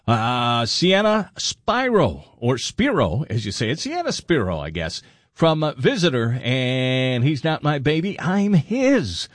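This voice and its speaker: A man's voice: medium pitch, big pitch swings, dry recording, studio quality. Loose-talking radio DJ man. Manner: loose, halting, with fillers and musing asides. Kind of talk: casual on-air DJ patter. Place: radio studio.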